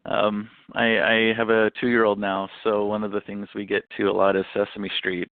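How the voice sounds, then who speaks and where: A man's voice: fairly low pitch, little pitch movement, dry recording. A man, an author, chatting and joking as a guest on a radio interview. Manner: joking, quick with impressions. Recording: phone line.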